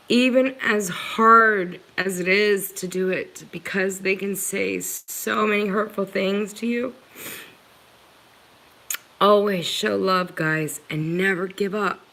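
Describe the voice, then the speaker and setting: Speaking slowly in a mid-range voice that is creaky, bright and forceful, a middle-aged woman shares a personal experience with her viewers. It's an emotional talk to camera: she's earnest, repeatedly says "guys," and at times nearly cries. Her intonation stays fairly even.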